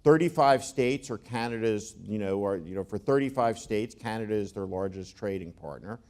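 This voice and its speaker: A man's voice: lowish voice, expressive, moderate pace, a little mellow. A man speaking to an audience, telling joking anecdotes in a wry, conversational way with frequent restarts. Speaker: panel speaker. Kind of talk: conversational talk before an audience.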